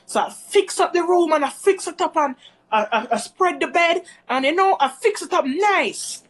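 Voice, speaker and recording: High-voiced chatty woman vlogger. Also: expressive, moderate pace, fairly bright tone. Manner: rambling, chatty, addresses viewers as guys. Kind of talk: casual storytime vlog.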